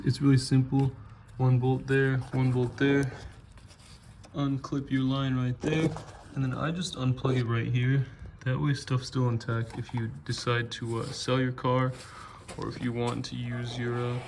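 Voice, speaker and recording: Gravelly-voiced man explaining car work. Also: mid-range voice, noisy background. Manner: relaxed, chatty, explaining step by step. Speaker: car restoration hobbyist vlogger. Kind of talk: casual how-to narration while working on a car.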